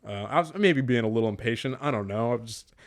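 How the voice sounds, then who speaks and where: A man's voice: medium pitch, quick pace, no room sound, clean studio sound. A young man chatting on a podcast, telling a story with lots of swearing and acting out what other people said. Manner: animated storyteller, swears freely, acts out quoted people. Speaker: podcast co-host. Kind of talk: casual chat.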